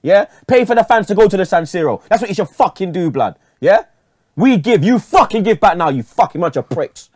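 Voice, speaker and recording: A man's voice: high-pitched, lively intonation, brisk, darkish tone, no echo, clean studio sound. A man ranting furiously as a fan pundit, swearing and ending lines with street slang. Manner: angry, swearing, street slang at every line end. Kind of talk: heated fan rant.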